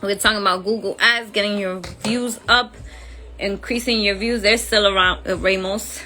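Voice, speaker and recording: A woman's voice: mid-range voice, steady tone, normal speed, bright, forceful tone. A woman with an accent hosting a casual phone livestream, chatty and friendly, using informal slang. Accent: accented English. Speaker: livestream host.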